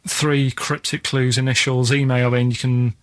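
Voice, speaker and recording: A man's voice: mid-range voice, little pitch movement, moderate pace. A man rambling hesitantly through stories and quiz clues on a radio show, with many fillers, in a studio.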